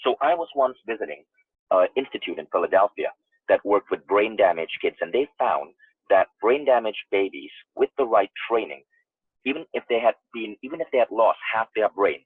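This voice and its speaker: A man's voice: fairly low pitch, animated, normal speed, husky, no echo. Emphatic man on a tinny phone line. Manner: emphatic, storytelling, restarts phrases often. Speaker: podcast guest. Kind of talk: casual interview talk.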